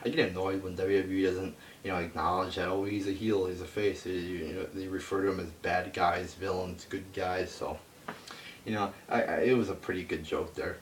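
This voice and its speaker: A man with a low voice rants through a casual review, swearing freely and sounding exasperated. He sits back from the mic in an echoey room with faint noise behind him. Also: flat delivery, normal speed, far from the mic. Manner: profane, exasperated ranting. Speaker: wrestling reviewer.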